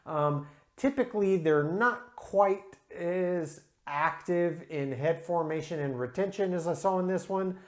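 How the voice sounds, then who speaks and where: A man's voice: fairly high pitch, a little slow. A man giving a casual solo beer review, enthusiastic and descriptive, with frequent ums and uhs.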